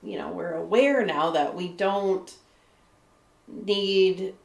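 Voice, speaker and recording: Woman from michigan chatting casually on a live stream, says like a lot, low-ish voice, echoey room. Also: takes it slowly, vocal fry. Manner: candid, laughs often, lots of "like" and "you know". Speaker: guest author.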